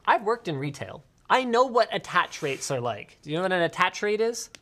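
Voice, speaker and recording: Man, tech show host, casual chat, lively swinging pitch, rambling asides. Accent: Canadian. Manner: animated, rambling, quick asides and self-corrections.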